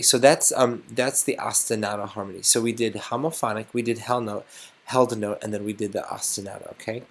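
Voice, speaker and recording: A man's voice: lowish voice, a bit bright. A man teaching a casual music lesson, thinking aloud and getting enthusiastic as he composes.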